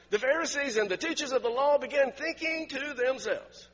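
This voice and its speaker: A man delivers a sermon in a high, bright, slightly husky voice, telling a personal story and chuckling often as he repeats his words. The recording is dull and lo-fi, with the long reverb of a church hall around him. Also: moderate pace. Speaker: pastor.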